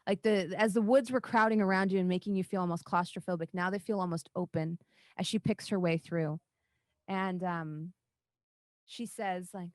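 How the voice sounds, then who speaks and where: A woman narrating a tabletop game as dungeon master, halting and full of fillers. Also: lowish voice, fairly even intonation, no echo.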